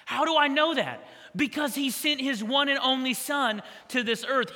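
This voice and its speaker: A man preaching a sermon as pastor, conversational and energetic with quick asides to the congregation. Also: very high-pitched. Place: church hall. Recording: long church hall reverb.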